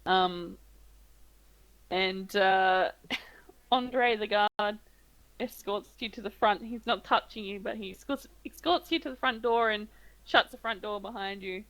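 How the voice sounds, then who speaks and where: A woman's voice: mid-range voice, a little slow, fairly bright tone, low-quality recording. A woman running a tabletop game as game master, improvising with many fillers.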